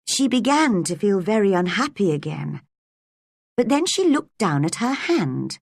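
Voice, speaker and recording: Woman narrator, storybook reading, slow, animated pitch, breathy, dry sound. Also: no echo. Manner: lively, expressive.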